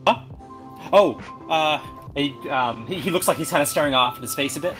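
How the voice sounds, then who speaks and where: A man playing a tabletop game, hesitant and halting. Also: on the high side, a bit bright, soft background music. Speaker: player. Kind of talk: casual tabletop play.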